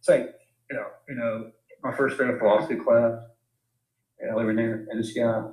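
A man's voice: mid-range voice, flat delivery, normal speed, darkish tone. A man with a Southern US accent teaching philosophy to a class. He talks conversationally, tossing out questions and checking in with "right?". The classroom sound is roomy and echoey. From Georgia, US. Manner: conversational, keeps asking "right?". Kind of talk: classroom lecture.

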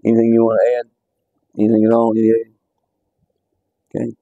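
Man, Bible class teacher, low voice, mellow tone, dry close sound, chatty with restarts. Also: monotone, fairly quick, creaky, long pauses, no echo. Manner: conversational, repeats words as he restarts. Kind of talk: casual Bible study teaching.

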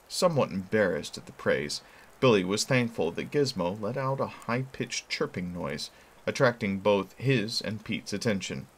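Man, low voice, lively pitch, expressive novel reading. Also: moderate pace. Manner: expressive storytelling. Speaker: reader.

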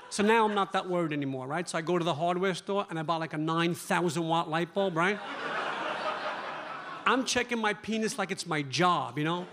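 A male stand-up comedian tells a story at a club in a high, lively voice. He keeps checking in with the crowd as he goes. A faint noise sits underneath. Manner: fast, animated storytelling with frequent "right?".

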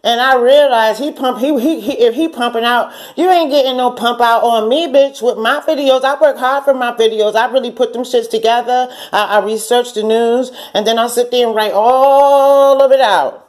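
A woman in her forties with a fairly high voice tells a long story as host of her own channel. She talks bluntly and curses freely. She breaks into laughter and acts out the lines of the people in her story. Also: steady tone, moderate pace, few pauses, darkish tone. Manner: blunt and profane, laughs often, acts out quotes. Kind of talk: casual storytelling rant.

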